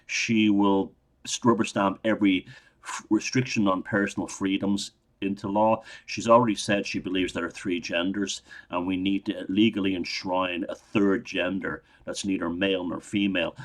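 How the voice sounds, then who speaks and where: A middle-aged Irish man delivering a solo political monologue in an indignant, ranting manner, often restarting his sentences. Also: low-pitched. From Ireland. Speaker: political commentator.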